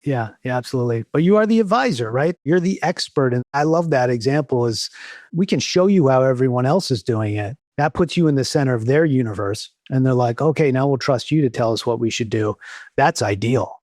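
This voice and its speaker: A man's voice: mid-range voice, animated, a little fast, darkish tone, no room sound, clean studio sound. A man on a podcast as a guest who agrees readily and explains things with enthusiasm. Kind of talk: casual podcast chat.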